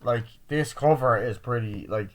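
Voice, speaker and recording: A man giving a casual, rambling movie review, swearing freely and acting out scenes in quick quoted voices. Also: mid-range voice.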